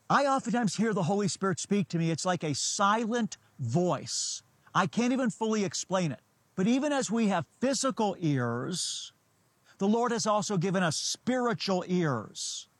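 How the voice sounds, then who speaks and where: A man preaching a sermon in an earnest, emphatic way, slowing down and repeating phrases for weight. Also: sits high, no room sound. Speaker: rabbi and TV preacher.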